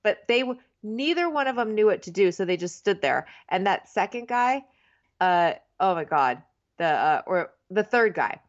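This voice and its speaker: Woman, mid pitch, chatty, incredulous, casual recap talk, dull lo-fi sound. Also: big pitch swings, normal speed. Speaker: podcast co-host. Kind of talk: casual comedic recap chat.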